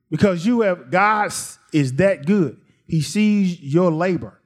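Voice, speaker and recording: High-voiced preacher, folksy delivery. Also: male voice, lively intonation, slow, few pauses. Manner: folksy, repeats phrases, rises to near shouts. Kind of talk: sermon.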